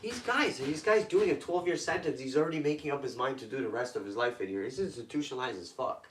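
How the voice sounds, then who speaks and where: A man's voice: mid-range voice, lively intonation, quick pace, far from the mic. A man from Toronto telling intense personal stories as a guest, in blunt, profane street talk. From Toronto, Canada. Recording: echoey room, voice off-mic.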